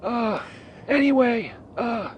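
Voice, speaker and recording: A man's voice: extremely high pitch, animated, slow, lo-fi sound, crowd noise, full character voice. A man playing a crude, sleazy Saint Peter who rambles and swears, calling in from outside a church. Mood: flustered. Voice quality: rambling, profane, full of ums and uhs. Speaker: caller on the show. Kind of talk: comedic phone-in bit. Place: outdoors near a church. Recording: noisy street with passing vehicles.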